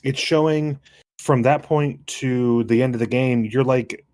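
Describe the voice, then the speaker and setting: A man's voice: mid-range voice, steady tone, unhurried, darkish tone, no room sound, studio quality. A young man co-hosting a casual late-night game podcast, rambling with lots of restarts and easy laughter. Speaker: podcast co-host.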